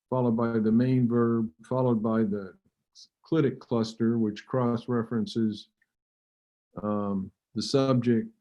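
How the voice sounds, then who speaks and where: Man, academic lecture, slow delivery, dull lo-fi recording. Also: lowish voice. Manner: slow, measured, halting with fillers and throat clearing. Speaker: linguistics lecturer.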